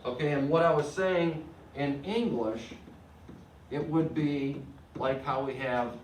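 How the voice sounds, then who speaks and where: A man's voice: on the high side, slow, a little hiss or hum. Teacher guy explaining spanish grammar, asks if you get it, sounds a bit far off in a roomy space. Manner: explaining step by step, frequent checks for understanding. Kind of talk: classroom lecture. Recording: echoey room, mic at a distance.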